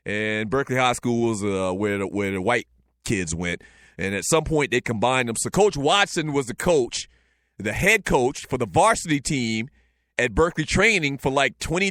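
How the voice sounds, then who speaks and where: A man in his forties with a Southern Lowcountry accent, hosting a casual talk show, telling stories loosely and joking with the chat. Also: a bit bright, dry recording. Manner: loose, joking, storytelling with frequent fillers. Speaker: show host.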